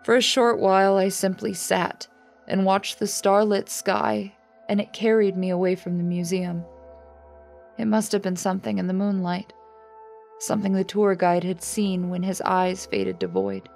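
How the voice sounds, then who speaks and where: A woman giving a scripted horror story narration in a dramatic, measured storytelling manner. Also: medium pitch, vocal fry, darkish tone. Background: faint music.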